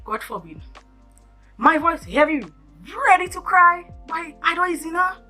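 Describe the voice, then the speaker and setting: A woman vlogger with a lilt tells a story to camera in an animated, dramatic way. Her voice is bright and forward, and she keeps turning to her viewers with asides. Faint music sits behind her. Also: very high-pitched, measured pace. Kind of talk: storytime vlog.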